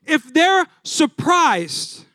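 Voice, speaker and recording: A man in his thirties, a pastor, preaching a sermon in a casual, energetic way full of rhetorical questions. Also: very high-pitched, drawn-out words, no echo, studio quality.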